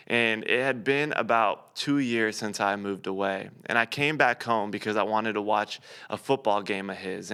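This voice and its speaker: A young man preaches a short devotional with a bright, crisp, smooth voice. He tells his story earnestly, then often slows and drops into a soft, hushed emphasis. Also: on the low side. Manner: earnest storytelling, slowing and softening toward quiet emphasis. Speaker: pastor. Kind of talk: devotional sermon.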